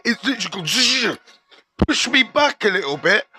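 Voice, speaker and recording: A man's voice: high-pitched, sing-song, normal speed, bright, forceful tone, soft background music. A middle-aged man hosting a live stream, telling a prison story with swearing and street slang.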